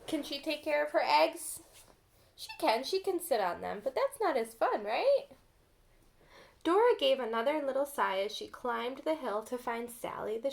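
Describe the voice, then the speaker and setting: A woman reading a storybook aloud to children as a teacher, gently pausing to ask them questions. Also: sits high, creaky.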